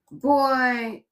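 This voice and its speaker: A woman's voice: a little high, a bit bright. A woman chatting casually on a live stream, muttering exasperated asides to her viewers as she goes.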